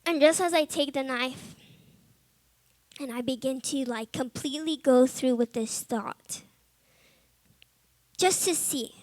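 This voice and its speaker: A young woman, a Bible college student, giving a personal testimony to fellow students, informal and earnest with many "like"s and "um"s, growing quiet in heavy moments. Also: high voice, measured pace, dry recording. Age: young adult.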